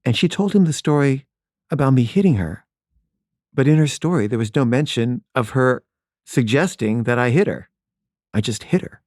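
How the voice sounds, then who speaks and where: A man's voice: medium pitch, animated, moderate pace, a little mellow, no room sound, clean studio sound. A middle-aged man telling a candid personal story in a matter-of-fact way, with wry asides.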